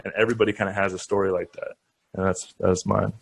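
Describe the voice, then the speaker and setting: A man's voice: deep voice, quick pace, gravelly. A man in his thirties, a podcast guest and former pro football player, talking earnestly and reflectively. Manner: calm, earnest, speaks of self-responsibility. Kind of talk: reflective interview talk.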